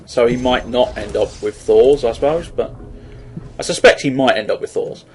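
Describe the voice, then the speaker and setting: A man's voice: mid-range voice, normal speed, a little mellow, husky, rough recording. A man giving casual, rambling commentary on a strategy game, swearing often and joking at his own expense. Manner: rambling, swearing, self-mocking. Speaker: gameplay commentator.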